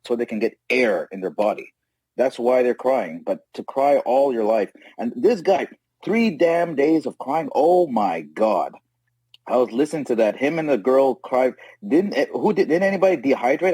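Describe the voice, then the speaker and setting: A man's voice: medium pitch, warm tone, dry recording, poor audio. A man calling in from home on wireless earbuds, giving an emphatic, rambling opinion in casual talk. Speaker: caller on a live audio show.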